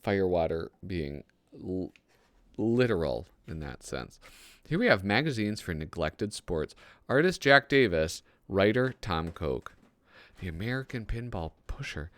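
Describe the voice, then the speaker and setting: A man with a low voice that jumps around a lot, reading old magazine gags aloud in casual comedic commentary. He chuckles often and makes self-deprecating asides, recorded in a dry, close space. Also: very animated, a little slow, a bit bright, no room sound.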